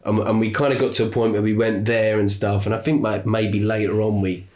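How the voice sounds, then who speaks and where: Guy on a podcast, lowish voice, laughs a lot, swears here and there. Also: brisk. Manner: animated, laughs often, swears casually. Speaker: podcast co-host. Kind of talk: casual storytelling chat.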